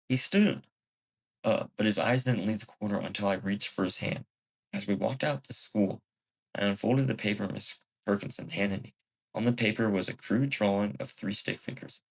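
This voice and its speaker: A man's voice: fairly low pitch, moderate pace, poor audio. A man reading a first-person story aloud, a plain reading with small slips. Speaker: story narrator.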